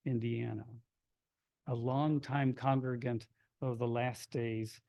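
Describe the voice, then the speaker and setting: A man from Kentucky, a poet, reading his poems aloud in a hushed, measured way, with brighter chatty asides to an audience between them. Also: mid-range voice, little pitch movement, creaky, no room sound, muffled recording. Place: reading event before an audience.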